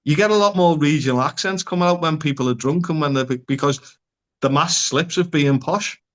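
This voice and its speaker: Blunt man, slightly high voice. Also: brisk. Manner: frank and blunt, swears freely, uses local slang. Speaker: psychotherapist guest. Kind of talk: casual podcast conversation.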